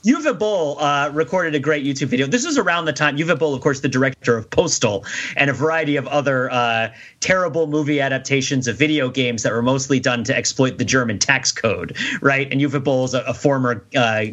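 A man co-hosting a podcast talks fairly quickly in a mid-range, fairly bright voice. He rambles through the casual discussion, interrupting himself, restarting often, and laughing a lot. The sound is dull and lo-fi.

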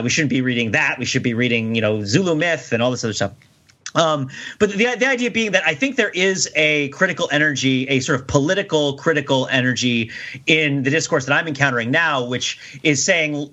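Man, podcast co-host, rambling, bright voice, dull lo-fi audio. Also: medium pitch. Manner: rambling, self-interrupting, laughs often. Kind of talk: casual discussion. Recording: dull lo-fi sound.

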